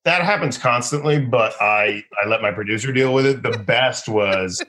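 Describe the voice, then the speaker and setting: A man in his thirties, a comedian guest, telling stories casually and acting out people in high excited bursts. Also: moderate pace. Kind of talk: casual storytelling.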